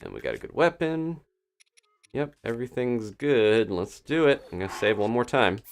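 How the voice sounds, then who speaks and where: A man's voice: medium pitch, big pitch swings, moderate pace, a little hiss or hum. A man streaming gameplay live, chatting casually to viewers and laughing often as he plays. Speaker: game streamer.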